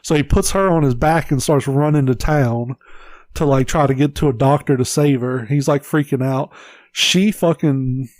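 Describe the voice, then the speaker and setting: A man's voice: on the high side, darkish tone, dry recording. A man co-hosting a casual podcast, rambling through a story and swearing freely. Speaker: podcast co-host.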